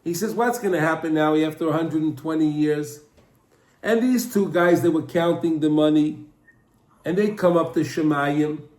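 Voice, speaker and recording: A man teaching a Torah class as an animated storyteller who often repeats and restarts his phrases. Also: a little high, moderate pace. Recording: echoey room.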